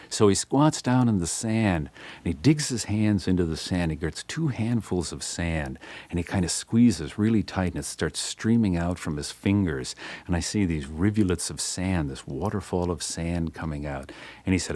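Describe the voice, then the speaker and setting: Middle-aged male spoken-word storyteller, very low voice, dry close recording. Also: moderate pace, no echo. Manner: animated, acts out dialogue with big pitch jumps, says "man" often. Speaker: musician telling his story.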